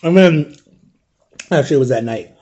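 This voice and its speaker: A man's voice: on the high side, lively intonation, normal speed, dark tone, lo-fi sound. A man telling personal memories in a casual, chatty monologue, often adding "like" and "right?". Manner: chatty, peppers talk with "like" and "right?"; emotional, vivid retelling of memories. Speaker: vlogger.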